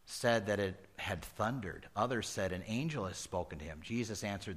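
A man preaching a sermon, moving from folksy asides to loud emphatic peaks and dropping to near-whispers. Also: lowish voice, moderate pace, few pauses. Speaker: pastor.

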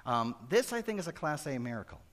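A middle-aged male pastor preaching a sermon, moving between loud exclamations and hushed asides. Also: fairly high pitch, very animated, fast.

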